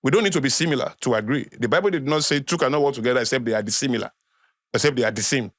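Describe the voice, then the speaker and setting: A man's voice: medium pitch, rapid-fire, fairly bright tone, no echo. A man with a Nigerian accent, a podcast guest lecturing in a conversational way, repeating key phrases for emphasis. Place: podcast studio.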